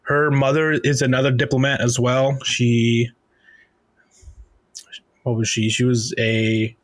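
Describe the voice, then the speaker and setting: A man's voice: medium pitch, flat delivery, takes it slowly, no room sound. A man co-hosting a casual book discussion, chatty and laughing often between remarks. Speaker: podcast co-host.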